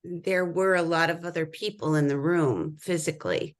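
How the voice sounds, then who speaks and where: An older woman, a bereaved mother, giving brief, quiet answers on a video call. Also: sits low, moderate pace.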